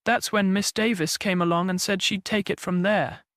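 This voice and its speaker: A man's voice: high-pitched, fairly even intonation, moderate pace, fairly bright tone, no room sound, clean studio sound. A man voicing an anxious young male gardener's boy who talks in country dialect, in an audiobook mystery.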